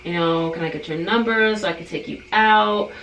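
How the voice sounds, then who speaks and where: A woman doing a pushy, flattering stranger. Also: on the low side, moderate pace, echoey room, distant mic, lo-fi sound, a little hiss or hum, close to an everyday voice. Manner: persistent, sugary flattery. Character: pushy young man hitting on a stranger.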